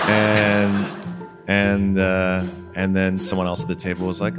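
Joking man from Brooklyn, deep voice. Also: normal speed, loud music behind the voice. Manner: joking, animated. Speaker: guest. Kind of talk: casual storytelling.

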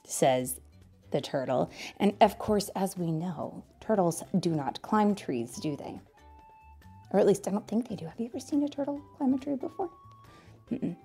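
A woman reading a children's story aloud in a playful, animated way, asking her listeners questions. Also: on the low side, unhurried, gravelly, slightly rough, soft background music.

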